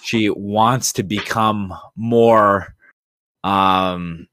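Low-voiced man, dry close sound. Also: steady tone, very slow, pushed and bright, clear, resonant tone, no echo. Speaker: podcast guest. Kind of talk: casual chat.

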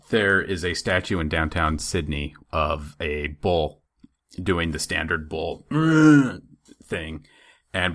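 A man's voice: low voice, fairly bright tone. A man co-hosting a casual podcast chat, telling funny stories and laughing often. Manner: joking, storytelling, laughs often.

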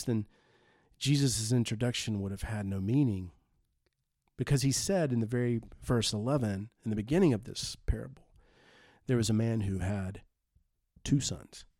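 Earnest male preacher, mellow and dry. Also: medium pitch, dry recording. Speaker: pastor. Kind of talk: sermon.

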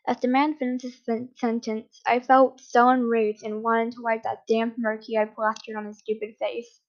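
A woman reading a first-person fan fiction story aloud in a steady, plain storytelling manner. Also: a little high, moderate pace, hardly any pauses, highs cut off. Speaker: story reader.

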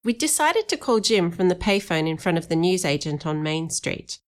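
A woman reads an audiobook aloud with lively storytelling. Her voice sits on the lower side for a woman, steady and clear in delivery. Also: normal speed, faint music behind. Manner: lively storytelling, animated for dialogue. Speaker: audiobook narrator. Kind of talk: audiobook narration.

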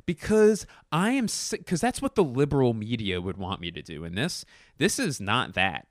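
A man's voice: mid-range voice, very animated, normal speed, dry recording, clean studio sound. A man hosting a solo podcast from home, rambling, jokey and self-deprecating into a podcast microphone. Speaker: podcast host. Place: home room.

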